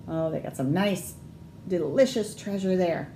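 A woman working as a children's librarian, reading a picture book aloud at storytime in a gentle, expressive, animated way. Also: lowish voice, a little slow, roomy sound, a little hiss or hum.

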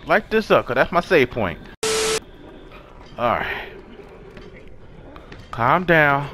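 A man giving slangy, profane let's-play commentary, swinging between hushed nerves and loud startled reactions to the game. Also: mid-range voice, big pitch swings, slow, pauses often, slight background noise. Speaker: gaming YouTuber.

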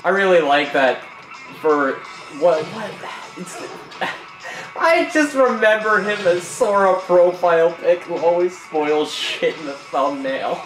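A young man giving profane, jokey commentary over a fighting game, often yelling and swearing at his opponents. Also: on the high side, measured pace. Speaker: gaming YouTuber. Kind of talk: gameplay commentary. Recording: roomy room echo, game music behind. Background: game music.

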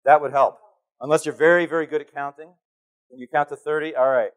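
A man giving a conference keynote on stage, animated and playful as he calls volunteers up from the audience. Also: on the high side, fast. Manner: animated, calling to the crowd, playful. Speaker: keynote speaker.

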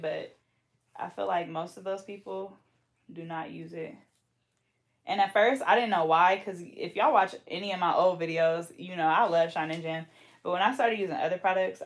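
Playful young woman teasing while braiding. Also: fairly low pitch. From Bay Area, California. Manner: playful teasing banter, slangy. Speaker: braider and channel host. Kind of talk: casual chat while braiding.

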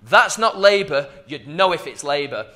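A man voicing a calm, unflappable female midwife who repeats herself patiently, at a live comedy gig. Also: on the high side, moderate pace, pitched below the performer's own voice. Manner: patient, flat, repetitive. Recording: live stand-up, far mic, roomy, crowd.

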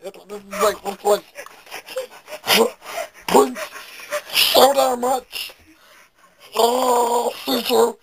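A man's voice: very high voice, fairly even intonation, very slow, gravelly, pauses often, crowd noise, full character voice, rough recording. A man putting on the voice of a goofy, self-mocking young guy who rambles, stammers and giggles. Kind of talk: comic character monologue.

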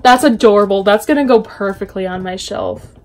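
A woman excitedly unboxing a package in her bedroom for a casual book vlog, gushing and chatty. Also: mid-range voice, a little fast, slight background noise. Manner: gushing, chatty, full of little gasps and exclamations. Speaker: book vlogger.

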